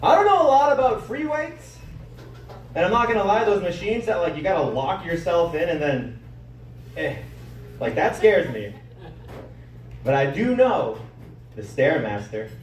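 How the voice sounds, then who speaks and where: High, lively man doing stand-up. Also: measured pace, pauses often, a little hiss or hum. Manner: animated storytelling, acting out friends' lines. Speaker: stand-up comedian. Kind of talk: stand-up set. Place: comedy club stage. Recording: echoey room mic'd from a distance.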